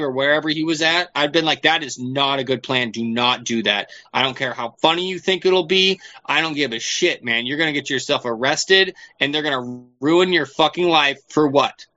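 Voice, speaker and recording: A man in casual podcast talk with a fairly high, sharp, bright voice. He rambles, swears constantly and leans on fillers. The recording sounds dull and lo-fi. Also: fairly quick, hardly any pauses. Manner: profane, rambling, heavy on fillers. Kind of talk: casual chat.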